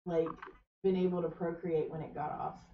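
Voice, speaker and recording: A woman's voice: low-pitched, steady tone, normal speed, dull audio, slight background noise. Off-mic woman co-host, roomy and distant. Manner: chatty, apologetic asides. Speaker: co-host reading live chat. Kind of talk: casual livestream chat.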